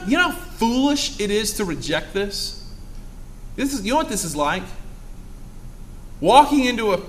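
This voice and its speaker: A young male preacher with a high, ringing voice delivers an impassioned sermon. He swings between loud exclamations and quiet, hushed asides. His tone is bright and forceful throughout.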